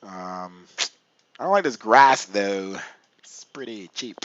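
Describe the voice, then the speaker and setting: A man's voice: on the low side, slow, dull audio, slight background noise. A man streaming a flight simulator, chatting casually to his viewers and muttering to himself as he works. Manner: excitable, mutters to himself while clicking through menus; chats to viewers. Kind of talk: casual live-stream commentary.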